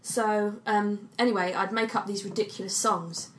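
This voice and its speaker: A young English woman co-hosting a podcast, chatty and playful, quick to laugh. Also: medium pitch, steady tone, a bit bright, slight background noise. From England. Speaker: podcast co-host, singer. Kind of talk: casual chat.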